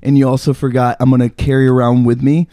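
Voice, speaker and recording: Young male co-host, ordinary mid pitch, deadpan teasing banter. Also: quick pace, no room sound, studio quality. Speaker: podcast co-host. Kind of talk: casual chat.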